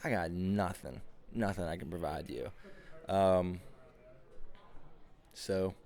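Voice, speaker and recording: A man's voice: sits low, slow pace, darkish tone. A man in his twenties hosting a podcast, ranting casually with lots of swearing and rambling fillers. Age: 20s. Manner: profane, rambling, full of fillers. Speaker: podcast host. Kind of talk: casual comedic rant.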